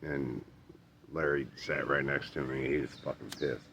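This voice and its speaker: Man, extremely low voice, gravelly fry, rambling profane storytelling, lots of fillers and restarts. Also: steady tone, normal speed, background noise. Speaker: storyteller vlogger. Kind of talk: casual personal storytelling.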